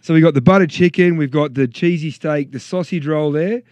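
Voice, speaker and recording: A man's voice: fairly high pitch, brisk, darkish tone, no echo. An Australian man chatting loosely in a small studio, walking guests through what he brought. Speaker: guest food vendor. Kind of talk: casual product walk-through.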